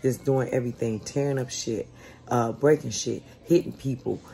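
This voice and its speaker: A woman's voice: rumbling low, normal speed, creaky, dark tone. A woman in her forties telling a story in a casual, blunt and profane way. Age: 40s. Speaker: vlogger.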